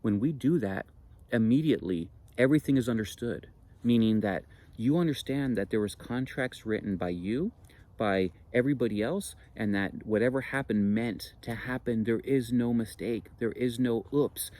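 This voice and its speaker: A man's voice: mid-range voice, moderate pace, dark tone. A man speaking earnestly and reassuringly in a spiritual monologue, repeating phrases for emphasis. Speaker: spiritual teacher.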